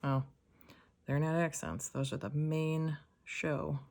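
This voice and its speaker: Woman, low and gravelly; relaxed soft-spoken unboxing narration with occasional whispers. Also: takes it slowly. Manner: soft-spoken, drifting into whispers while examining items. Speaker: jewelry reseller.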